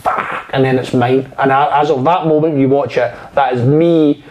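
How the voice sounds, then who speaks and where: A man's voice: medium pitch, steady tone, a little fast, a little mellow, muffled recording, a little hiss or hum. A man, an actor chatting casually and telling long, rambling anecdotes full of fillers and swearing. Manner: rambling, profane storyteller with many fillers. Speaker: actor guest.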